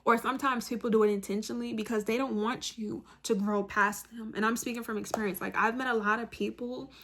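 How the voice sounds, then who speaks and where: A woman's voice: a little high, steady tone, brisk, fairly bright tone, slight background noise. Earnest woman giving motivational advice. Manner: direct, earnest, counts points off one by one; repeats phrases for emphasis, says "like" often. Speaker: self-help video host. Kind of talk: motivational monologue to camera.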